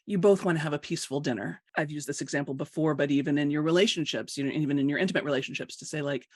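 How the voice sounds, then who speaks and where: Fast-talking woman hosting a live talk. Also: low-pitched, dry recording, studio quality. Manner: chatty, laughs often, acts out dialogue. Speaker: host of a live coaching show. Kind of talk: casual live talk to viewers.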